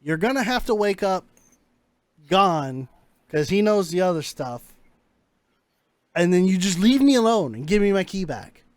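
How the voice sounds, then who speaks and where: A man's voice: high voice, very animated, measured pace, pauses often, no room sound. A game master voicing a jumpy, grumpy hired thief, an adult man who rattles off nonstop, swearing and panicking, in a tabletop game. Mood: defensive.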